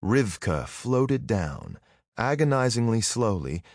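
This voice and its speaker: Low, expressive male audiobook narrator. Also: slow, vocal fry, no echo, studio quality. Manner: expressive storytelling. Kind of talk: scripted narration.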